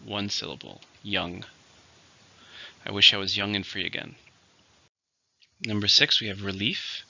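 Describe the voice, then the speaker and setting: A man teaching English vocabulary in a scripted lesson, saying each word slowly and clearly and then repeating it. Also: lowish voice, steady tone, bright, forceful tone. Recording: dull lo-fi recording.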